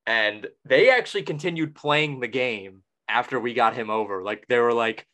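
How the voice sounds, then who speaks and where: A man's voice: mid-range voice, expressive, brisk, few pauses, sharp tone. A young man hosting a podcast, chatting casually and telling a rambling story full of restarts and self-corrections. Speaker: podcast host.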